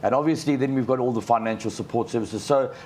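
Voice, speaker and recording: A man answering as a company panelist, halting and repeating words. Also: medium pitch, darkish tone, slight background noise.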